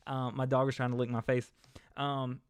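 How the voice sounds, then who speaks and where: A man's voice: mid-range voice, flat delivery, moderate pace, clear, resonant tone, dry recording, clean studio sound. A young man hosting a casual livestream, chatting and rambling to his viewers. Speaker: host.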